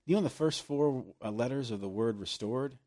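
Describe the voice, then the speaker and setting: A man preaching a sermon, animated and laughing often, slowing right down to stress scripture. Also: medium pitch.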